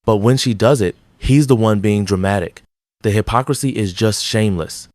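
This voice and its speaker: A man's voice: on the low side, moderate pace, darkish tone, dry recording, studio quality. A man giving blunt, mocking scripted commentary on viral clips. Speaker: reaction commentator.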